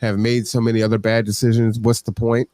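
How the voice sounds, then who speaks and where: A man with a fairly low voice talks on his podcast in a reflective, conversational way. He keeps checking in with whoever is listening. The sound is dry and close, with no room around it. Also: completely flat delivery, fairly quick, mellow, no echo. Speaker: podcast host. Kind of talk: reflective casual talk.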